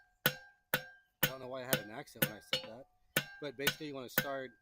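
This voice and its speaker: A man's voice: mid-range voice, steady tone, brisk, very noisy. A man teaching a beginner to forge in a blacksmith shop, chatty, joking and encouraging as he works. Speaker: blacksmithing instructor. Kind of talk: hands-on teaching while forging.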